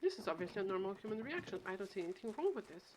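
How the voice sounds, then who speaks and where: A woman's voice: medium pitch, big pitch swings, very fast, a little hiss or hum. A young woman streaming a game, chatting casually in a dramatic, self-mocking way. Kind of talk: casual live game commentary. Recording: music playing behind.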